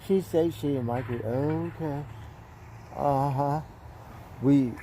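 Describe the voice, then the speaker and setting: A man's voice: medium pitch, mellow, a little hiss or hum, rough recording. A man hosting a casual livestream, rambling playfully and tagging his lines with "right?". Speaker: livestream host. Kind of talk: casual live-stream chat.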